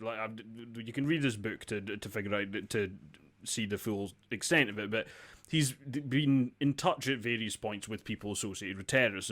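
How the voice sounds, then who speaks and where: Scottish male film critic, low voice, halting and wry, casual review. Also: fairly bright tone. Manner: hesitant, many restarts and ums, wry.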